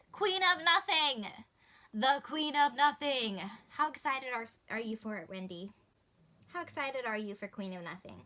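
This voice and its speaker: A young woman talks to camera in a bright, clear voice. She chats casually and gushes with enthusiasm, laughing easily as she goes. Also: a little high. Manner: chatty, gushing, laughs easily. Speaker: book vlogger. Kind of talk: casual book talk to camera.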